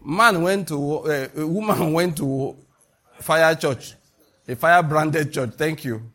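A man with a Nigerian accent preaching a sermon as a pastor, animated and emphatic, with sudden high rises on key points. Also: slow.

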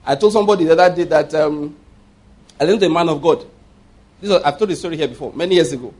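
A man's voice: on the high side, fast, a little mellow. A man in his fifties preaching a sermon with emphasis, repeating his points and checking that listeners follow.

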